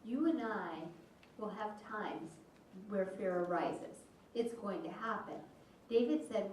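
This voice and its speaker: A woman voicing a sermon aloud for an interpreted service, with slow, measured phrasing and pauses. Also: mid-range voice, a little mellow. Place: church sanctuary. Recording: distant, echoey church hall, faint hum.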